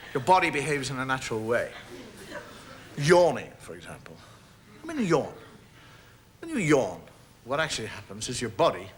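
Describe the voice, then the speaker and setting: A man's voice: mid-range voice, bright, forceful tone. A man performing a stand-up comedy monologue on stage before an audience, talking conversationally and acting out gestures and sounds.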